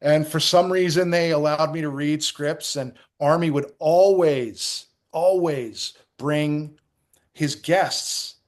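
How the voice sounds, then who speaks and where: A middle-aged man from New Jersey, a guest in a casual interview, tells animated anecdotes and acts out quotes, with frequent restarts. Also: fairly high pitch, slow. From New Jersey, USA.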